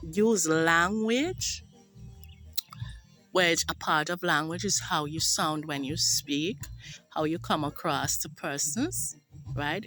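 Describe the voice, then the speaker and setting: A Jamaican woman sharing a personal testimony to camera as a motivational speaker, earnest and emphatic, stretching key words out slowly. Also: low-pitched, a bit bright.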